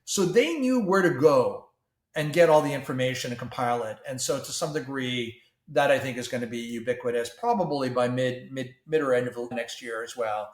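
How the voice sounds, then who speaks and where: A man from Canada, a tech company CEO guest on a podcast, talking in an animated, conversational way with frequent restarts and repeated words. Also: medium pitch, brisk, reverberant.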